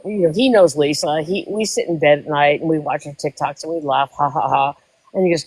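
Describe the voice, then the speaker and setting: A woman's voice: low-pitched, a little fast, darkish tone, husky, dry recording, poor audio. A woman in her sixties telling a long emotional story in casual chat, rambling. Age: 60s. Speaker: guest.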